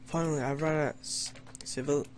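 A man's voice: a little high, fairly even intonation, moderate pace, a little hiss or hum. A young man doing let's play commentary, reading story lines in a mock-dramatic tone and joking wryly at himself. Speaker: gamer playing an adventure map.

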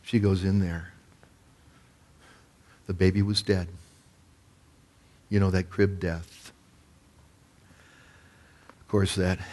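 A male pastor preaching a sermon, telling a story and rising to loud, emphatic peaks. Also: low-pitched, breathy edge.

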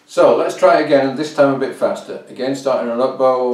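Talking fast with few pauses, a man with a medium-pitched, darkish voice and fairly even intonation teaches fiddle bowing. His instructional explanation mixes demonstration, beats counted aloud and hummed rhythms, recorded on a roomy, distant mic alongside fiddle playing.

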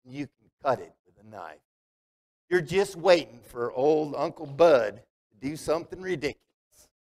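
A man's voice: a little high, lively intonation, normal speed, darkish tone. A man preaching a conversational sermon as pastor, asking the congregation questions. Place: church sanctuary. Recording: long hall reverb.

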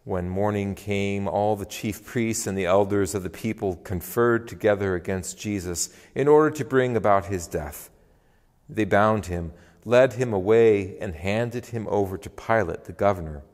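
A man reading scripture in a worship service, expressive and deliberate. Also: fairly low pitch, in a large hall. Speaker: lay reader. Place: church.

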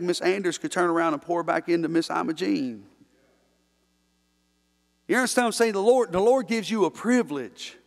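A pastor preaches with a high, ringing male voice. He repeats key phrases and pulls the congregation in with call-and-response. His voice carries a long echo through the church sanctuary. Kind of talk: sermon. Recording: long reverb in a church hall.

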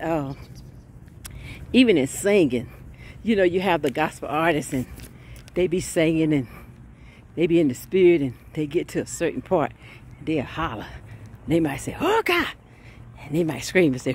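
Fervent preaching woman, lively voice. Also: fairly low pitch, moderate pace, pauses often, a little hiss or hum. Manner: fervent, breaks into laughs and shouted exclamations. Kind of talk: informal sermon.

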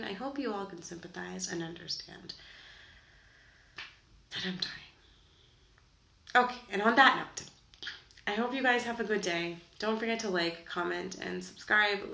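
Exasperated young woman, bright gravelly voice. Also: medium pitch. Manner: dramatic, exasperated, trails off and restarts. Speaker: reaction vlogger. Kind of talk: casual reaction chat to camera. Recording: echoey room with faint background noise.

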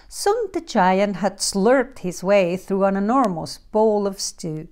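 A woman reading a fairy tale aloud slowly and clearly for learners of English. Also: medium pitch, expressive, darkish tone. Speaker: storyteller. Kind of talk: storybook narration for English learners.

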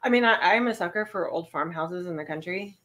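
A woman guest in a casual chat, telling stories in a relaxed way. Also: on the low side, brisk.

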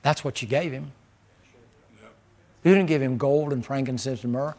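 A pastor delivers a sermon in a folksy, down-home style at normal speed. His middle-pitched voice swings between loud emphasis and hushed, intimate moments.

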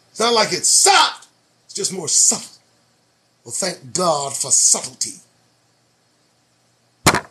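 Male solo host, high and expressive voice, profane and sarcastic running commentary on news items. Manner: profane, sarcastic and animated, reacting to headlines. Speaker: show host.

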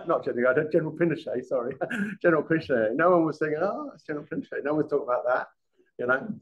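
Halting middle-aged male lecturer. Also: a little high, muffled recording. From England. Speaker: guest lecturer, former police detective. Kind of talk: live classroom lecture.

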